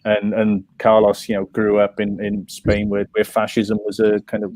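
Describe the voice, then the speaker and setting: A man's voice: lowish voice, monotone, moderate pace, a little mellow, dry recording. A Welsh man, a comics writer, talking in an interview, rambling with many restarts and fillers. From Wales. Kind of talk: interview conversation.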